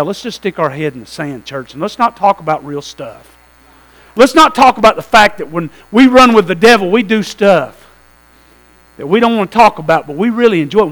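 A man preaching a sermon to a church, telling a story with lively asides and calls to the congregation. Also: high voice, moderate pace, rough recording. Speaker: pastor.

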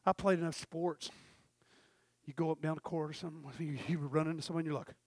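Male pastor, high bright voice, folksy storyteller, dry close sound. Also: little pitch movement, a little fast, no room sound. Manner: swings from shouting peaks to low murmurs; folksy storytelling with acted-out dialogue. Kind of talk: sermon.

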